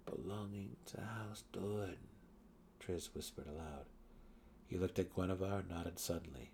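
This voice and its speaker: A man giving a dramatic reading of a fantasy novel, swelling louder and sinking to hushed tones, with a husky voice. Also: lowish voice. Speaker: audiobook narrator.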